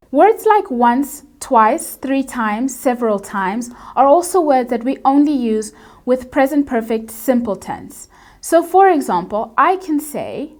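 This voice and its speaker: A woman with a high voice teaches English grammar as an online course host. She explains in a clear, measured, teacherly way, reading from a script. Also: expressive.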